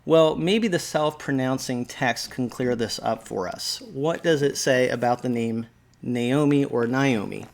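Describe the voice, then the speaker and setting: A man hosting a casual explainer video, talking in a relaxed, light-hearted way and often asking his viewers questions. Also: fairly high pitch, gravelly. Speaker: video host discussing Bible pronunciation. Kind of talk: casual explanatory talk to camera.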